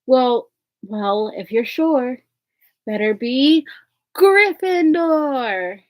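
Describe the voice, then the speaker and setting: A woman voicing an old talking magic hat in a storybook reading, slow and pondering. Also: a little high, mellow, no room sound, low-quality recording. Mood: probing.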